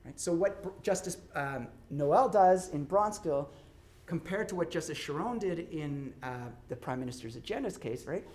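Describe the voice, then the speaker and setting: A man's voice: a little high, expressive, moderate pace, darkish tone. A middle-aged man, a law professor, giving a conversational public lecture and often checking in with his audience. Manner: conversational, checks in with frequent "right?". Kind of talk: academic lecture.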